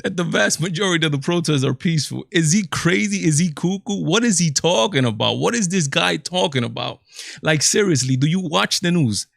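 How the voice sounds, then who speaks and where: A man's voice: a little high, lively intonation, brisk, vocal fry, fairly bright tone, no room sound. Dry-sounding incredulous male host. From Latin America. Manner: incredulous, repetitive exclamations. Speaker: commentary video host. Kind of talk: reaction commentary.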